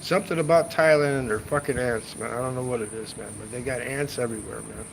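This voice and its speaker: A man's voice: mid-range voice, quick pace, creaky, a little hiss or hum, poor audio. Rambling, foul-mouthed man on a rooftop. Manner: rambling, profane, tags sentences with "man". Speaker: travel vlogger. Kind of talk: casual livestream chat. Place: hotel rooftop seating area, outdoors.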